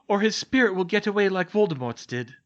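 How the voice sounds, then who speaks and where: An anxious, clever young witch speaks urgently in a high, bright voice, as a man puts her on. The recording sounds dull and lo-fi. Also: animated, a little fast.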